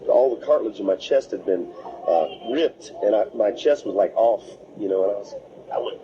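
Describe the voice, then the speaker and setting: A man telling a story in an animated way, acting out quotes with voices and sound effects. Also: fairly low pitch, brisk. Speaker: interviewee recounting a plane crash. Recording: muffled recording with steady background noise.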